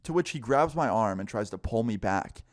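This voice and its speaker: Young man, casual storytime, low-pitched, dry close sound, animated, swearing. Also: moderate pace, dry recording. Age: young adult. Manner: animated, swearing, acts out quoted people. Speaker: storyteller vlogger.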